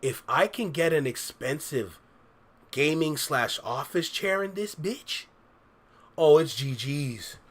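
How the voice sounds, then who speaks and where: A man's voice: fairly high pitch, lively intonation, takes it slowly. A young man casually chatting with his viewers on a livestream, laid-back and full of slang, reading out and answering chat messages. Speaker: reaction streamer.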